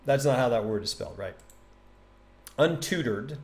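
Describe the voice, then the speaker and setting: A man casually teaching a poem on a livestream, chatty and animated, thinking aloud and tapping out rhythms. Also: lowish voice, quick pace, vocal fry. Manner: taps out rhythm with nonsense syllables. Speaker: streamer explaining a poem.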